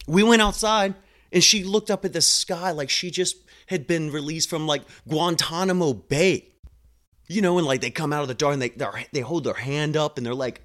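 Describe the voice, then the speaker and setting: Blunt, animated male storyteller. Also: fairly high pitch, moderate pace. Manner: blunt, animated, acts out dialogue. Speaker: home health clinician. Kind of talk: casual storytelling monologue.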